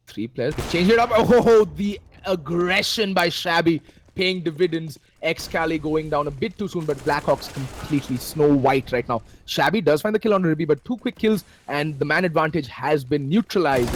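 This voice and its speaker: A man with an Indian English accent casting a shooter match live, excitable, his pitch leaping at big plays. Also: moderate pace, a little hiss or hum. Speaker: esports caster. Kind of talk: play-by-play commentary.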